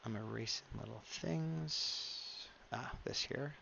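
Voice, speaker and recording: A man's voice: medium pitch, slow, vocal fry, pushed and bright, lo-fi sound, a little hiss or hum. A man streaming live as he draws, chatting casually and muttering to himself as he works. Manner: chatty, mumbles to himself, reads chat aloud. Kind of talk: casual live-stream chat while drawing.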